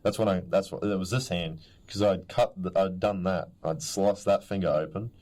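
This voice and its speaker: Deep-voiced young man telling stories. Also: moderate pace. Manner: animated storytelling, acts out others' voices. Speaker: podcast co-host. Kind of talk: casual chat.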